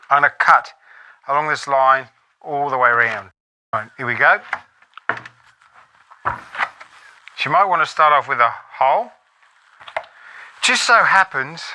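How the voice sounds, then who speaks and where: A man's voice: a little high, lively intonation, unhurried, long pauses, bright, forceful tone. An Australian man cheekily joking his way through a hands-on DIY demonstration on a farm vlog, with casual swearing. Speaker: off-grid farm vlogger.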